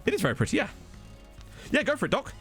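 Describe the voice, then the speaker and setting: Lively, chatty male game streamer. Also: very high voice, fast, faint music behind. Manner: chatty, rambling, answers viewer chat. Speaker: streamer playing a football management game. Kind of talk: casual live-stream commentary. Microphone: desktop USB microphone.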